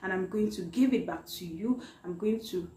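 A woman hosting a reaction vlog, tearful after crying, talking in an apologetic, halting way full of "like". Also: mid-range voice, mellow. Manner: apologetic, halting, heavy use of "like". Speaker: reaction video host. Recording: echoey room with faint noise.

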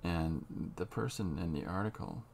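Man, very low voice, unhurried, thinking aloud, drawing tutorial, light background hiss. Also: expressive, creaky, a little mellow. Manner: unhurried, halting, muses as he works. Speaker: comic artist drawing on camera.

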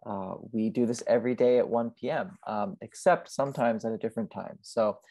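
A low, gravelly male host wraps up an online arts conversation over a video call. His tone is dark and mellow, and the sound is close and dry, with a halting delivery full of ums. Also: dry recording. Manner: halting, with fillers. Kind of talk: closing remarks.

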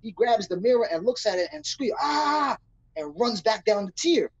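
A young man with a husky, breathy voice, telling a story as an interview guest. He acts out the people he quotes in street slang. The sound is close and dry on a dull, slightly lo-fi recording. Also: high-pitched, lively intonation, brisk, a little mellow, no echo. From New York City. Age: young adult. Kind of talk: casual storytelling.

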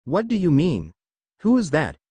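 A man voicing a brash, impulsive young male ninja who talks in an excitable, loud way. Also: fairly high pitch, a little slow, slightly rough, no echo, voice pushed up, full character voice.

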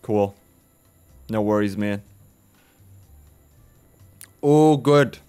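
A man's voice: medium pitch, a little slow, long pauses, soft background music. Laid-back man narrating a horror game. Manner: reads game text aloud, swears, sleepy and joking. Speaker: gaming video host. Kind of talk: casual horror game commentary.

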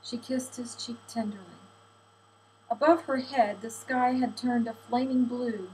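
Woman reading a novel aloud, slightly high voice. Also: fairly even intonation, measured pace, a little mellow, a little hiss or hum, low-quality recording. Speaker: audiobook reader. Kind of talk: audiobook narration.

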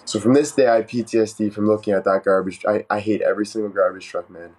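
A man casually telling a joking story on a live stream, animated and swearing freely. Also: fairly low pitch, fast talker.

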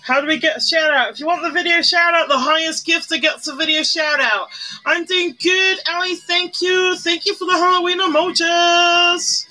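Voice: extremely high pitch, fairly even intonation, normal speed, sharp tone. A person chatting casually on a livestream while doing makeup, greeting viewers by name and humming along. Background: faint music.

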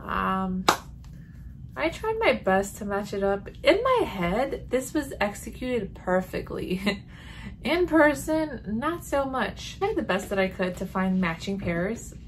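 A woman's voice: medium pitch, slow pace, slight background noise. A woman chatting casually in a home vlog, reviewing candles and reacting as she smells each one. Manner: chatty, animated, sniffing and reacting. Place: home room.

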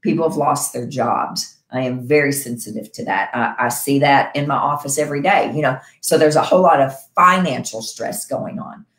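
A middle-aged woman with a low voice talks straight to her viewers like an encouraging coach. She checks in often with a quick "right?" and keeps the tone upbeat and practical. The sound has a noticeable echo, as if she were in a bare room at home. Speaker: wellness show host and health provider. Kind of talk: casual talk to viewers. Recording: echoey room.

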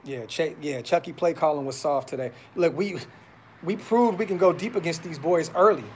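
A man's voice: fairly high pitch, moderate pace, darkish tone, a little hiss or hum. A man hosting a fan podcast, talking casually on a live stream with frustration, blunt slang and lots of repeats. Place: brother's house.

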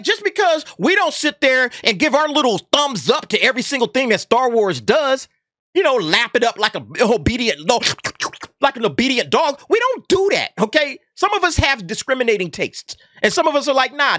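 A man's voice: very high-pitched, sharp tone, no echo. Ranting sarcastic man, dry sound. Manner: sarcastic, emphatic, keeps tagging "okay?". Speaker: YouTube commentary host. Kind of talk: heated opinion rant.

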